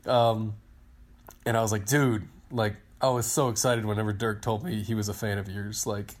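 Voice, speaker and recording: Excited rambling man telling a story. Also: fairly low pitch, brisk. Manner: excited, rambling storyteller who acts out quotes. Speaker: podcast co-host, team digital director. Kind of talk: casual storytelling chat.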